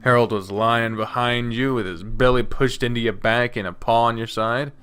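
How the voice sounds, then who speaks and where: A man playing through a story game, reading the narration in a soft voice. He breaks in with off-hand, profane remarks in a plain, middle-pitched voice. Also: steady tone, normal speed, clean tone, faint music behind. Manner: casual, swears freely, reads the narration softly, then breaks out into loud commentary. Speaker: game streamer. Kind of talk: reading a visual novel aloud with commentary.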